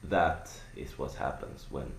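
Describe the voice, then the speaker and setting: A young man with an extremely deep, gravelly voice talks slowly through a screaming technique. He rambles, restarts and fills gaps with "uh" and "like", sounding casual rather than polished. The home recording has a noticeable echo from the room. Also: slight background noise. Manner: rambling, filler-heavy explanation. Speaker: vocal tutorial maker. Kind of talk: casual spoken tutorial.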